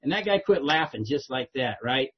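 A man's voice: mid-range voice, expressive, moderate pace, breathy edge. A middle-aged man telling his own recovery story to a meeting, streetwise and self-mocking, often tagging his lines with "right?". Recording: dull lo-fi recording.

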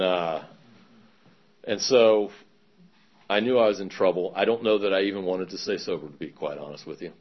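A man candidly telling his own recovery story in a conversational testimony, pausing often. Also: low voice, muffled recording. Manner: candid, conversational, many fillers and pauses. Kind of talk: personal testimony talk.

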